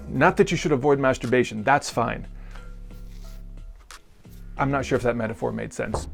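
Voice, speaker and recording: A man giving a casual video grammar lesson. He is relaxed and rambling, and jokes with crude humor. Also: mid-range voice. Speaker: grammar teacher.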